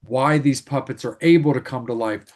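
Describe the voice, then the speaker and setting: A man co-hosting a podcast in casual conversation. His voice sits in an ordinary middle pitch, and he keeps things laid-back while guiding the talk along. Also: moderate pace, darkish tone. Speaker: podcast co-host. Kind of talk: casual chat.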